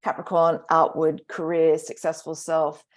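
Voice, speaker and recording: Low-voiced woman astrologer, reflective. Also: monotone. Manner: reflective, slow, trailing pauses. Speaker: astrologer guest. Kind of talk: casual podcast chat.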